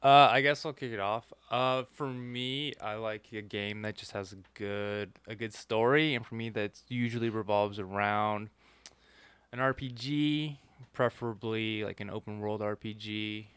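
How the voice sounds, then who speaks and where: Laid-back young man with a smooth voice. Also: fairly low pitch, steady tone, unhurried, a bit bright, dry recording. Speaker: podcast co-host. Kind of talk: casual gaming podcast chat.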